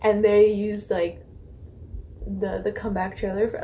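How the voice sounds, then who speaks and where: A young woman hosting a reaction video, gushing and rambling in excited casual chat, swearing and laughing as she talks. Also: medium pitch, normal speed, slight background noise.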